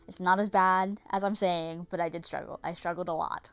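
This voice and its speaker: A woman's voice: on the low side, steady tone, brisk, a bit bright, smooth, soft background music. A young woman narrating her vlog in a casual, dramatic way, swearing and repeating herself often. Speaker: vlogger.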